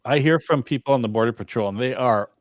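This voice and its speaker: A man hosts a casual talk show over a video call, speaking fast in a medium pitch. He's easygoing, trailing off with fillers and chuckles.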